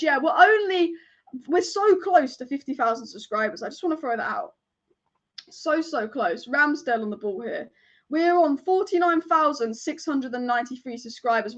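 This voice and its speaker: A young woman hosting a live football watch-along, chatting and reacting, swearing at the referee. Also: sits high. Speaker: football fan channel host. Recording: slightly dull lo-fi stream audio.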